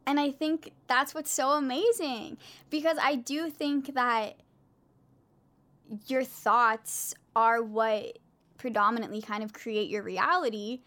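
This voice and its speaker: A woman's voice: on the high side, fairly even intonation, takes it slowly, bright, forceful tone. A woman co-hosting a live chat who talks in a thoughtful, supportive way. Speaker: co-host. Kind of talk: casual chat on a live stream.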